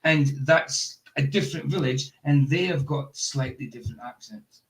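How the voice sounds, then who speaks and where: A man with a Scottish accent chatting casually, loud and blunt, laughing often. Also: mid-range voice, moderate pace, rough recording. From Scotland. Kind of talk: casual chat.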